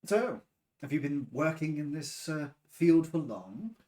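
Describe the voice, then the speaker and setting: A man's voice: fairly high pitch, very animated, measured pace, a little mellow. A man narrating a tabletop game as game master, describing scenes with the odd filler.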